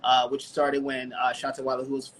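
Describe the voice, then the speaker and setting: A man's voice: medium pitch, monotone, fairly quick, fairly bright tone, slight background noise, rough recording. A man co-hosting a podcast, recapping stories in a loose, rambling way. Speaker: podcast co-host. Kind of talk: casual chat.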